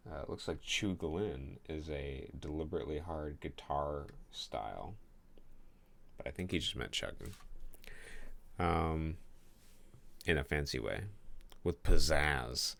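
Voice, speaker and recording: A man's voice: rumbling low, measured pace, creaky, pauses often, fairly bright tone. A man streaming as he codes a game, thinking aloud in a casual, rambling way and joking with his viewers. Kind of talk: casual live-stream talk while coding.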